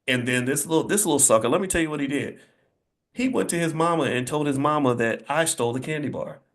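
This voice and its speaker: A man's voice: a little high, fast. A middle-aged man giving an emphatic, preachy motivational speech to an audience, telling stories with energy. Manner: preachy, emphatic, animated storytelling. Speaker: speaker addressing an audience.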